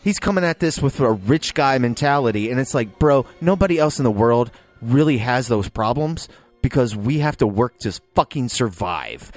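A man's voice: medium pitch, animated, moderate pace, faint music behind. A man co-hosting a film podcast, ranting heatedly with lots of swearing. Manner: heated, swearing, loud outbursts. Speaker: podcast co-host. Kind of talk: profane ranting film review.

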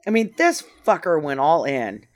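A woman's voice: low-pitched, wildly swooping pitch, moderate pace. A woman co-hosting a casual podcast, adding plot details in a blunt way with some swearing. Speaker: podcast co-host. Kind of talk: casual movie recap chat.

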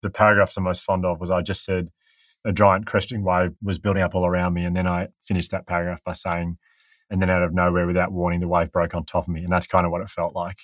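A man's voice: low voice, completely flat delivery, quick pace, fairly bright tone, no room sound. A middle-aged man telling his story candidly as an author guest on a podcast interview.

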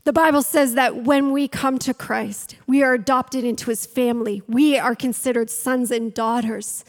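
A woman's voice: on the high side, fairly even intonation, normal speed. A woman preaching a sermon, telling a Bible story and acting out its voices, building to fiery challenges. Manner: storytelling, acts out quotes, rises to fiery challenges. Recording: long hall reverb.

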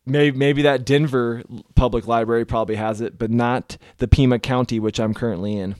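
A man's voice: mid-range voice, fairly even intonation, a little fast, darkish tone, dry recording, clean studio sound. A man co-hosting a podcast in casual chat, loose and talkative and swearing freely. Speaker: podcast co-host.

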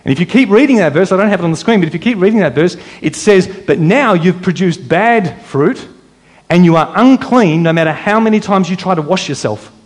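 Male preacher, high voice, teaching sermon that quotes verses. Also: expressive, brisk. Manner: teaching from scripture, quoting verses, asking the congregation questions.

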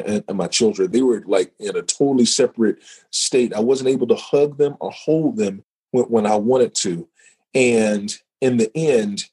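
A middle-aged man speaks at an ordinary, mid-range pitch with a husky, slightly rough edge. He tells his personal story of faith as a podcast guest, emphatic and emotional, often doubling his words as he builds each moment. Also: darkish tone, low-quality recording. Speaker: podcast guest, former football player.

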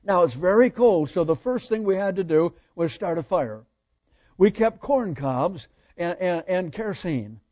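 An older man preaches with fervent, repeated emphasis, his voice high for a man yet dark and mellow. He swings from loud declarations to hushed lines. The recording sounds a little dull and muffled. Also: expressive, a little slow. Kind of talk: sermon.

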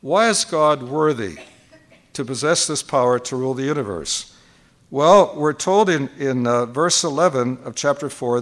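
A man's voice: mid-range voice, expressive, a little slow, fairly bright tone. An older man preaching at a conference, teaching point by point and repeating key phrases for emphasis. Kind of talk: sermon.

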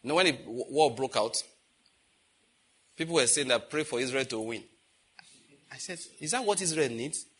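A man preaching a sermon emphatically, asking the congregation questions and swinging from loud declarations to quiet intensity. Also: medium pitch, animated, normal speed, pauses often, breathy edge. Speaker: pastor.

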